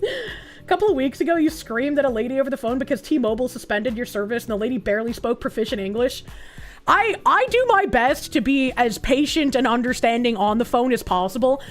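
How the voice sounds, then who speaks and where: A woman's voice: high-pitched, expressive, brisk. A young woman streamer chatting casually with her viewers in a blunt, sarcastic way, with a lot of swearing. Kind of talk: casual chat reacting to chat messages.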